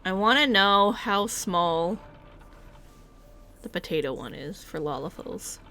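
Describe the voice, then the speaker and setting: A woman's voice: mid-range voice, expressive, slow, pushed and bright. A woman streamer making playful, giggly asides while playing a game. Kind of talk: casual game stream commentary.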